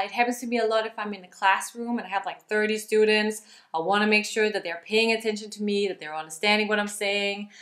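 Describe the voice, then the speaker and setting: A young woman teaching vocal health in a lively, upbeat way, talking straight to her viewers. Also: medium pitch, reverberant. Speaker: singing teacher.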